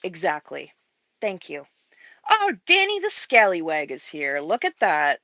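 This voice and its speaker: A woman's voice: deep voice, huge pitch swings, sharp tone, dry recording, poor audio. A woman hosting a stream, chatting playfully while she paints. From Western Canada. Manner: chatty, playful, quick to riff. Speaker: stream host. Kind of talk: casual chat while painting.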